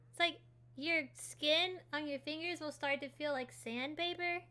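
A woman's voice: high-pitched, fairly even intonation, takes it slowly, pushed and bright. A woman hosting a casual gaming livestream, chatty and giggly, answering her chat while she builds. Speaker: livestream host.

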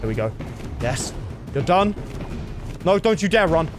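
A young man with a high, bouncy voice narrates his gameplay in a rush of excitement, breaking into yells when the action gets tense. His pitch swings widely from line to line. Faint music plays underneath. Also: a little slow. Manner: excitable, yelling in bursts during fights. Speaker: gaming video host.

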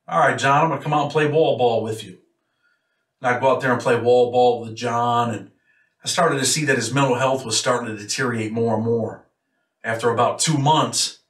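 Here a man from Rochester, New York, who was formerly incarcerated, tells a casual story without softening anything. His voice is medium in pitch and a bit bright. The audio carries a roomy echo, with the mic placed a little distant.

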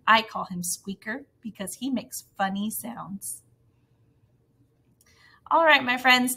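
A woman teaching first graders in a recorded grammar lesson. Her voice is soft and breathy, and she talks slowly in a sing-song way, leaping up in pitch to show excitement.

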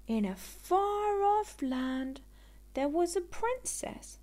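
Kind storybook girl, gentle, reassuring, high lively voice, as a woman reads her. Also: slow, full character voice.

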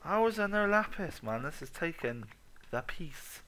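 A man's voice: a little high, big pitch swings, normal speed, sharp tone, a little hiss or hum. A young man giving a let's play commentary, muttering, humming and swearing freely to himself as he plays. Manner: swears often, mutters and hums to himself while playing. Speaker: gaming commentator.

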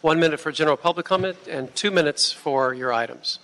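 A man's voice: fairly high pitch, a little fast, fairly bright tone. A man chairing a city committee meeting in a formal, procedural manner. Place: city council chamber. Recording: reverberant council chamber with faint ambience.

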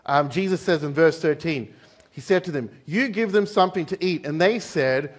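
A man's voice: on the high side, normal speed. A young Australian man with an Australian accent giving a conversational church sermon, joking and acting out the people in the story. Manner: conversational, joking, acts out quoted voices. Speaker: pastor. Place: church hall.

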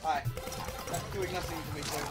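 A woman hosting a gaming video, giving casual, excitable commentary while she plays, laughing and exclaiming. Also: sits low, normal speed. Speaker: gaming channel host. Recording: game music playing behind.

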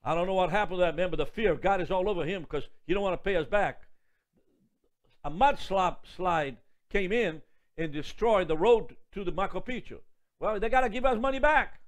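High-voiced jovial pastor in his seventies. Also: fairly quick. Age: 70s. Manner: jovial, exclamatory, prone to asides. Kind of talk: sermon with Bible reading.

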